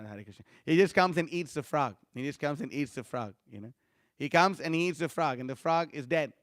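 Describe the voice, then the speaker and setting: A man giving an informal scripture lecture, talking conversationally with frequent fillers and animated storytelling. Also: fairly high pitch, clean tone, no room sound, studio quality. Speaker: scripture class speaker.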